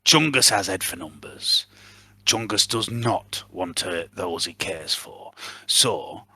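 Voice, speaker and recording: A man playing a calculating prisoner who plots an escape with his brother, speaking in a Yorkshire accent with a hushed, breathy delivery. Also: low-pitched, expressive, slow, no room sound, heavily acted. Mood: scheming. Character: scheming male prisoner, calculating older brother. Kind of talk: tabletop role-play in character.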